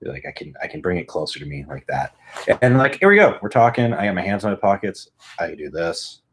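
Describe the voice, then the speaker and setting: A man's voice: low-pitched, big pitch swings, a little fast, slightly rough. A man hosting a home podcast, rambling casually and swearing, talking close into a studio microphone. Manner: rambling, profane, self-mocking. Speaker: podcast host.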